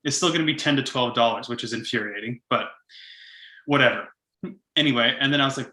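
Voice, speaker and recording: A young man from Canada telling a frustrating story in casual chat, animated and full of "like", laughing as he goes. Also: mid-range voice, fast talker, long pauses, reverberant, poor audio. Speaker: podcast co-host.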